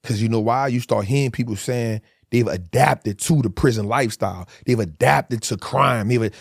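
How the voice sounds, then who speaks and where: A man's voice: medium pitch, animated, fairly quick, vocal fry, hardly any pauses, slightly rough, no echo, studio quality. A man in his forties, a guest telling hard stories in a candid interview, emphatic and full of street slang.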